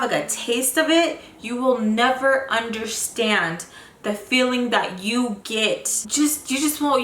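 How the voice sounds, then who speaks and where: Here a young woman's fairly bright, high-leaning voice carries a long, rambling personal story for her casual vlog. She sounds frustrated and leans heavily on fillers, with faint noise and echo in the room.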